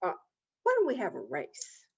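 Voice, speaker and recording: A woman's voice: huge pitch swings, normal speed, husky, heavily acted. A woman voicing a proud, crafty male turtle who is indignant and scheming, in an oral folk tale, on a dull lo-fi recording. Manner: indignant then sly, shifting between high exclamations and muttered asides.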